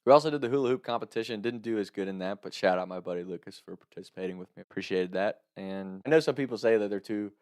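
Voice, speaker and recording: A young man in his twenties casually telling a funny story to camera, animated, laughing and swearing often. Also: lowish voice, quick pace, few pauses. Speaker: content creator telling a story.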